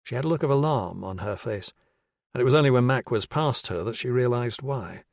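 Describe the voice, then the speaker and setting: A man narrating a crime thriller audiobook in an even, measured way. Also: mid-range voice, vocal fry, no room sound, studio quality.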